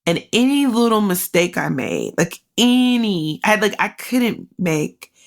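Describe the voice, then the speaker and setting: Candid woman host with a gravelly voice. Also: mid-range voice, big pitch swings, measured pace. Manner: candid and emotional, talks straight to listeners; conversational, with many "like" fillers. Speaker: podcast host. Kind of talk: personal storytelling.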